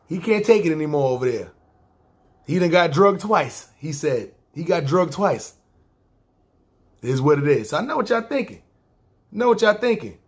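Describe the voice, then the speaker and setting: A man with a New York accent tells a story from his own life in a relaxed, foul-mouthed style. His voice sits a bit high for a man and has a husky grain. He slips into quick impressions of the people in the story and keeps coming back to the same catchphrases. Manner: profane, laid-back, repeats catchphrases, acts out quotes. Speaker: podcast storyteller. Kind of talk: casual spoken storytelling.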